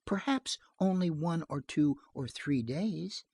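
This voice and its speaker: A reader voicing a calm young mother who gently coaxes her child in a soft, restrained voice. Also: mid-range voice, slow pace, husky, no room sound, voice pushed up, full character voice. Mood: gentle coaxing.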